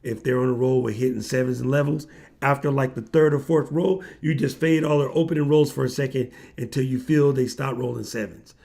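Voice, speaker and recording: Man, livestream host, gravelly voice, middle pitch, casual slangy storytelling. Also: brisk. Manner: animated slangy storyteller, acts out quoted voices.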